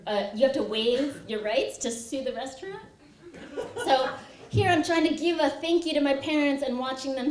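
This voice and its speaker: A woman's voice: on the high side, recorded from a distance. Chatty woman poet in echoey hall. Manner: chatty storytelling, laughs often. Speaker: poet giving a reading. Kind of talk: poetry reading with personal anecdotes. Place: university lecture hall.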